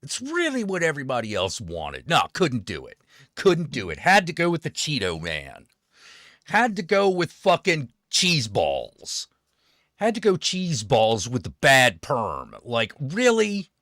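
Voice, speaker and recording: A man's voice: mid-range voice, wildly swooping pitch, unhurried, fairly bright tone, no room sound, clean studio sound. A man hosting his own stream, ranting in a sarcastic, profane way about politics. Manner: swearing, sarcastic, fired-up. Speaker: streamer host.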